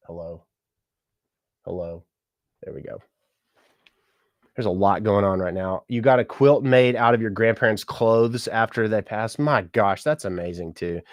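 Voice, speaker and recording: A man's voice: lowish voice, dry recording, studio quality. A man who works as a musician and mortician, chatting casually on a livestream and reading out viewer comments. He is upbeat and laughs often.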